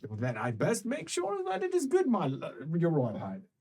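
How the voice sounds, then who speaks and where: A man's voice: on the high side, huge pitch swings, normal speed, a little mellow, pitched above the performer's own voice, full character voice. A man voicing an old male wizard and storyteller who speaks formally, carefully and deferentially. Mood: courtly.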